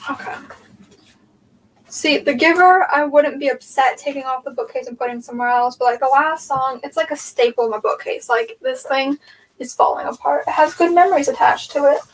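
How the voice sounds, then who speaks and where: A woman's voice: sits high, a little fast. A young woman hosting a casual livestream at home, thinking aloud as she sorts her shelves, rambling with lots of "like" and "um". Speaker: booktube host. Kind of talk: casual livestream chat while reorganizing shelves. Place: room at home with bookshelves. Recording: distant mic with faint background noise.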